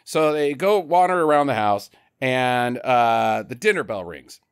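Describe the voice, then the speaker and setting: A man's voice: medium pitch, animated, a little slow, clean tone, no echo, clean studio sound. A man hosting a casual podcast, recapping a film in a loose, rambling way and slipping into voices. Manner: rambling storyteller who slips into voices. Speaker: podcast host. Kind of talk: casual chat, movie recap.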